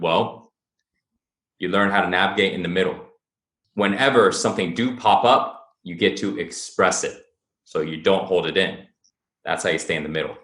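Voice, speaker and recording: A man's voice: low-pitched, sharp tone, roomy sound. A man giving an earnest motivational talk as a wellness coach, repeating his points and acting out little angry quotes.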